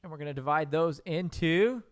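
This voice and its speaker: A man's voice: fairly high pitch, normal speed. A man teaching a piano class, joking with his students while he draws notes with a mouse.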